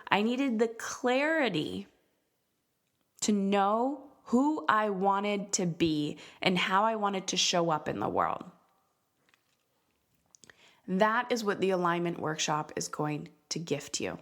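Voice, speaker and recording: A woman in her thirties hosting a solo parenting podcast, speaking earnestly and slowing down to stress key words. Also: mid-range voice, lively intonation. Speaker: podcast host and parenting coach.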